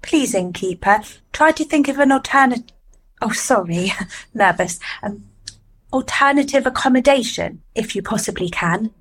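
A woman's voice: a little high, expressive, moderate pace, husky. An actress playing a nervous, apologetic young woman at an audition.

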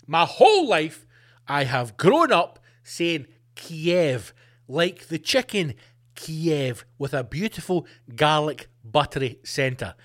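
Sweary sarcastic man ranting. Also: fairly high pitch. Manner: sweary, sarcastic, slips into mock voices. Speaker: podcast host. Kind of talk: ranting comedic monologue.

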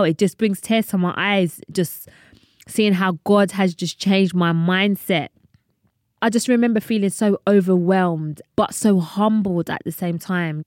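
A woman's voice: lowish voice, a little mellow, no echo, clean studio sound. A young woman hosting a faith podcast, chatty and earnest, often wandering off topic. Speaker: podcast host. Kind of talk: personal faith talk to listeners.

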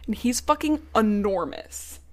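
A woman's voice: mid-range voice, very animated, a little slow. A woman co-hosting a podcast, casually retelling a book's plot in a loose, chatty way with frequent swearing. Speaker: podcast co-host. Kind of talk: casual book recap chat.

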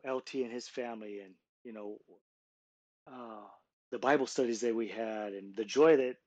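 A middle-aged man recounts his conversion story in an earnest, halting manner, stumbling through restarts and fillers. His voice sits at an ordinary pitch. The recording is dry and somewhat dull and lo-fi. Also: darkish tone, no room sound. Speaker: guest sharing his testimony. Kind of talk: emotional personal testimony, conversational. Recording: slightly dull lo-fi sound.

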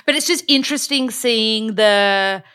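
A woman's voice: a little high, a little slow, sharp tone, clear, resonant tone. An Australian woman hosting a podcast, chatting in a casual, upbeat way with lots of "like". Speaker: podcast host. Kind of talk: casual interview chat.

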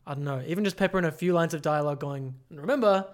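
A man's voice: fairly high pitch, racing. A man co-hosting a podcast, musing and rambling in casual chat. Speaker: podcast co-host.

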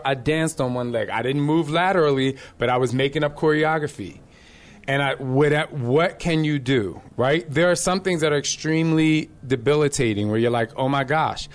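A middle-aged man who works as a fitness instructor chats casually at a moderate pace, his voice a little high. Lively and animated, he tells stories and acts out quotes.

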